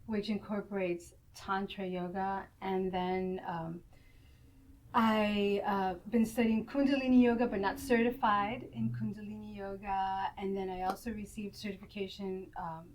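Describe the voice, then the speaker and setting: A woman yoga teacher answering interview questions in a meandering, reflective way. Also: mid-range voice.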